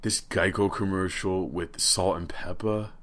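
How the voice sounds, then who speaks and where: A young man co-hosting a casual podcast. He riffs on absurd, crude scenarios in a voice a bit lower than most men's. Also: steady tone, a little slow, fairly bright tone. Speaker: podcast co-host.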